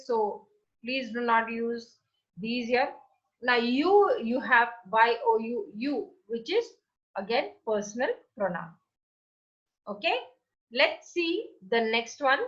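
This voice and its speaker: A woman's voice: a little high, a bit bright, lo-fi sound. A woman teaching an online English class to children, patiently asking questions and then answering them herself. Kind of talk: recorded online class lesson.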